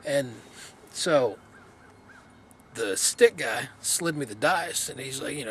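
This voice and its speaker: A man's voice: medium pitch, slow, vocal fry, pauses often, a little hiss or hum. Rambling man vlogging outdoors. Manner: rambling, laid-back, many fillers. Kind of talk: casual storytelling to camera. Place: outdoors in cold wind.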